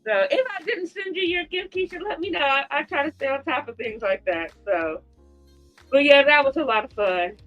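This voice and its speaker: A woman's voice: sits high, animated, moderate pace, lo-fi sound, soft background music. A woman hosting a casual livestream chat, teary and giggling through her words as she laughs. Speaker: host.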